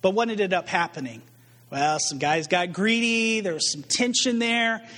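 A man preaches to his congregation in a high voice, throwing out rhetorical questions and acting out the people he quotes. His words ring with the long reverb of a large hall. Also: measured pace, bright, forceful tone. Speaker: pastor. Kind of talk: sermon.

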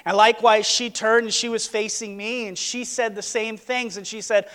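A man's voice: high voice, flat delivery, normal speed, few pauses, a bit bright, clean tone, in a large hall. A man preaching a sermon in a church, earnest and emphatic, repeating his key words. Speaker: pastor. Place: church sanctuary, on a platform.

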